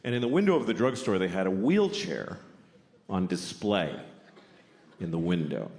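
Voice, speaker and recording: Speaking at a normal speed, a man does stand-up in a comedy club, delivering crude, confessional stories with animated pitch swings into a handheld mic. The live room is echoey and the ambient noise is clearly audible.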